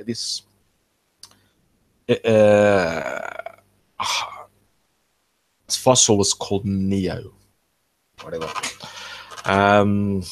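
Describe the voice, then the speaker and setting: A man with a fairly low voice walks through fossil details in casual commentary. He talks in a rambling, halting way and keeps correcting himself mid-phrase. The recording is dry, with no room sound. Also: dry recording. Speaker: archaeology channel host.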